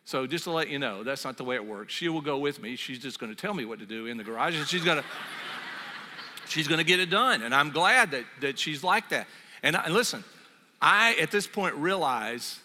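Bright-voiced pastor man preaching. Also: fairly high pitch, lively intonation, a little fast, long reverb tail, slight background noise. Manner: conversational, storytelling with asides and fillers. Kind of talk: sermon.

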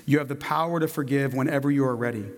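A man voicing a kind, gentle old priest in a story told during a sermon. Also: medium pitch, fairly even intonation, fast talker, long reverb tail, close to an everyday voice. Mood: gentle, consoling.

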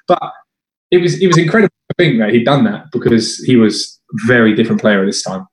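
A man's voice: medium pitch, quick pace. A man telling football stories in casual chat, acting out what others said. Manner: animated, acts out quotes of others. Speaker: former footballer guest. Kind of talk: casual storytelling. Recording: roomy echo.

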